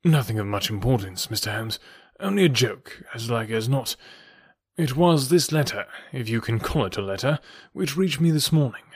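A man's voice: medium pitch, animated, moderate pace, husky, no echo, studio quality. A man reading aloud and voicing a blunt, impatient young heir who talks plainly and directly. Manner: blunt, forthright, plain-talking.

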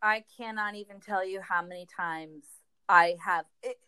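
A woman's voice: mid-range voice, normal speed, bright, forceful tone, smooth. A woman wedding planner chatting on a podcast, emphatic and conversational as she gives advice. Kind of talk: casual podcast chat.

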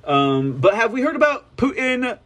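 A man's voice: very high-pitched, sing-song, normal speed, fairly bright tone. A man hosting an online news show, reading headlines aloud with mocking asides and frequent laughter. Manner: mocking, laughs often, reads articles aloud with sarcastic asides. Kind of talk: casual commentary reading headlines.

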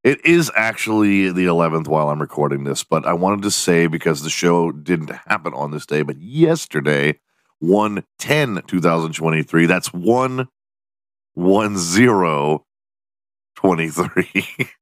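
Low-voiced guy ranting on his podcast, swears a lot, goofy, dead dry sound. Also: expressive, normal speed, dry recording. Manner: profane, rambling, jokey. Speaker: podcast host. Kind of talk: casual solo podcast rant.

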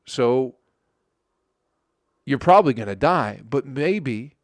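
Guy doing a rambly foul-mouthed comedy bit, lively pitch, super dry sound. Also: takes it slowly, no room sound. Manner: profane, rambling, sarcastic. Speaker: comedian host. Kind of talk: casual comedy monologue.

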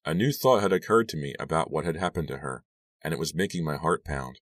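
A man narrating a first-person audiobook in a steady, even storytelling manner. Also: a bass voice, fairly quick, no echo, clean studio sound, distant mic.

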